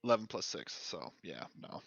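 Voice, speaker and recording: A man's voice: deep voice, big pitch swings, normal speed, gravelly, fairly bright tone, no echo, dull audio. A man playing a tabletop game, talking casually and swearing freely. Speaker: player.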